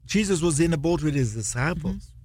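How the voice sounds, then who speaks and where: A radio co-host teaching from the Bible in a lively, laughing way, using non-standard English grammar. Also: medium pitch, fairly quick, husky, dry recording. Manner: animated, laughs often, retells scripture dramatically.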